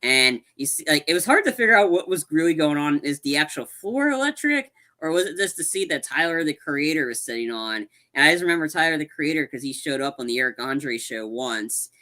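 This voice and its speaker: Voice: medium pitch, sing-song, brisk, few pauses, bright, forceful tone. A podcast co-host in casual chat, rambling through a recap with lots of "like". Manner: rambling plot recap full of "like". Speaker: movie review podcast co-host.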